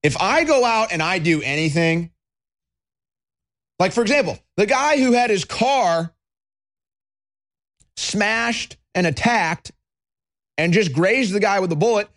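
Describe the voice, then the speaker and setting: A man's voice: sits high, lively intonation, a little slow, pauses often, fairly bright tone. A man hosting a political talk show, ranting in a combative, mocking way and swearing freely. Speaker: political commentary host. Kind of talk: angry political rant.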